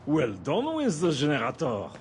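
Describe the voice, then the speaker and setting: A blunt, grumbling refuge keeper from a video game. His pitch swings widely from word to word. A faint background noise runs underneath. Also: huge pitch swings, normal speed, darkish tone. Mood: gruff.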